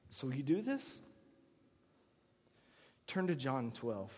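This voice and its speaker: A man preaching a sermon, earnest and emphatic, moving between loud stresses and hushed lines. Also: medium pitch, sing-song, slow pace, long pauses, breathy edge, long reverb tail. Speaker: pastor.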